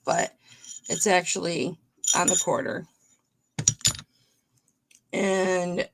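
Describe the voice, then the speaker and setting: A woman's voice: mid-range voice, creaky. A woman hosting a live-streamed jewelry auction, chatting casually with viewers by name as she shows and sells pieces.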